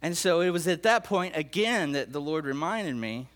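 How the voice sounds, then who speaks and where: A man's voice: on the high side, animated, normal speed, a bit bright. Earnest man preaching about his dreams. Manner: earnest, repetitive, emotional storytelling with restarts. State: emotional. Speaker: pastor. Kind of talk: sermon sharing prophetic dreams.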